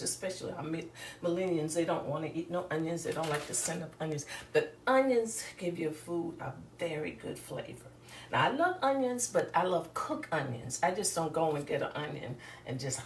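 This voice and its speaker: A woman's voice: medium pitch, recorded from a distance, slight background noise. Chatty woman cooking in an echoey room. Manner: chatty and rambling, addresses viewers directly. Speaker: home cook. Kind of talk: casual cooking demonstration.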